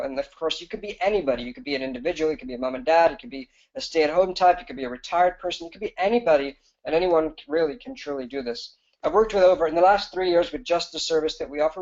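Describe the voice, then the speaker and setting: Guy coach doing a webinar pitch, talks quick and eager, kinda high voice, muffled lo-fi audio. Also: vocal fry, darkish tone. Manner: fast, enthusiastic sales pitch with fillers and restarts. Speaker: business coach presenting a webinar. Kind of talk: live webinar presentation.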